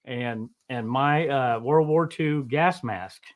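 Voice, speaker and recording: A man co-hosting a live diet chat show over a video call, with a dry, deadpan humor. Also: medium pitch, slow pace, no echo, narrow, tinny audio. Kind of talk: casual live-stream chat.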